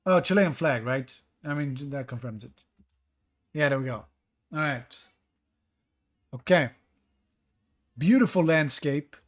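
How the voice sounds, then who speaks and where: A man's voice: fairly high pitch, animated, slow pace, pauses often. A man streaming a geography guessing game, thinking aloud, second-guessing his guesses and answering his chat. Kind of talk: live-stream commentary reading chat.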